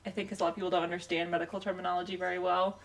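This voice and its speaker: A woman's voice: lowish voice, little pitch movement, racing, gravelly. A woman co-hosting a casual podcast chat, who keeps steering things back on track with "okay, well". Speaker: podcast co-host.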